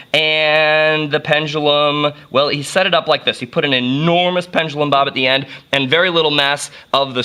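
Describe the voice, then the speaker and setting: A man's voice: mid-range voice, pushed and bright. A man giving a casual, jokey physics lesson full of playful asides. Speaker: physics teacher.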